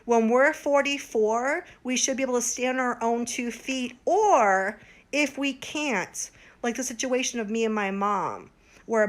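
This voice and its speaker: Tipsy woman, 40s, livestream host, rambling and pleading, slightly high voice. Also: unhurried. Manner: rambling, pleading, talks straight to viewers.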